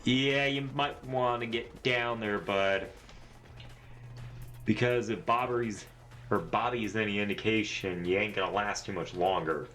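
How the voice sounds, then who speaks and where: A man's voice: fairly low pitch, steady tone, measured pace, fairly bright tone. A man giving sarcastic, profane, rambling commentary while playing a video game. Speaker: gaming channel host. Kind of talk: let's play commentary. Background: faint game music.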